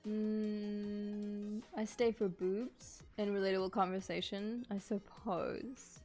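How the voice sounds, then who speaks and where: A woman's voice: medium pitch, level tone, slow pace, darkish tone, soft background music. A woman streamer chatting casually while she sculpts, reading chat aloud, laughing often and apologizing.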